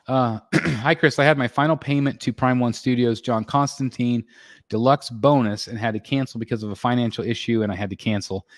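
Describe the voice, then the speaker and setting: A man from the United States hosting a casual live stream, reading out chat and chatting in a relaxed way full of fillers and restarts. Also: medium pitch, brisk, dry recording, studio quality. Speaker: livestream host reading chat. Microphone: desk microphone.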